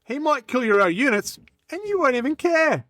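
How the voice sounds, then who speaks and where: A man co-hosting a podcast, delivering a hammy mock recruitment pitch with bursts of shouting and laughter, slightly hoarse. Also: expressive, normal speed, dry recording, clean studio sound. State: slightly hoarse after illness. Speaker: podcast co-host.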